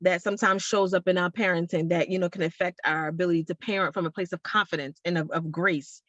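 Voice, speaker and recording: Woman, earnest and reflective, bright tone, dry close sound. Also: fairly low pitch, steady tone, fast talker, dry recording, highs cut off. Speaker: mother sharing her story. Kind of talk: self-introduction in a group call.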